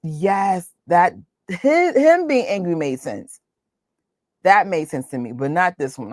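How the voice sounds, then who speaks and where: A woman in her forties with a New York accent, hosting a casual chat, animated and laughing often. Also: on the low side, no room sound. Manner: animated, laughs often, talks in quick bursts. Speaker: host.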